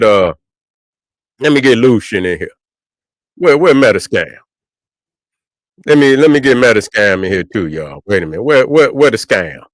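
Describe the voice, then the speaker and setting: A man's voice: fairly low pitch, no echo, studio quality. A man, ranting profanely and repetitively to viewers on a livestream. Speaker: online commentator.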